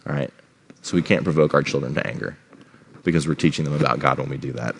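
A man's voice: very deep voice, fairly even intonation, quick pace, a little hiss or hum. A middle-aged man giving a sermon as a pastor, conversational and checking in with the congregation. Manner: conversational, checks in with "all right?".

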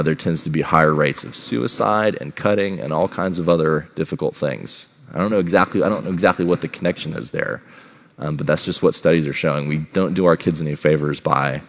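Man, pastor, sermon, very low voice, conversational, middle-aged. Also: fairly bright tone. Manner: conversational, checks in with "all right?".

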